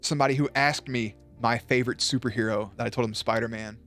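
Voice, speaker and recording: A male streamer spins a rambling, cuss-filled anecdote for his chat, often breaking into laughter. His pitch sits mid-range, and soft music plays quietly underneath. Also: steady tone, fast talker. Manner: loose, profane, laughs at his own story. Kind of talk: casual storytelling on a live stream.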